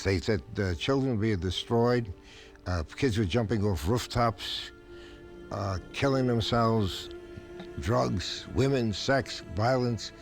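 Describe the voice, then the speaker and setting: A man interviewed for a documentary, recalling past events reflectively with frequent pauses. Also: medium pitch. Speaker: interviewee recalling the comics industry.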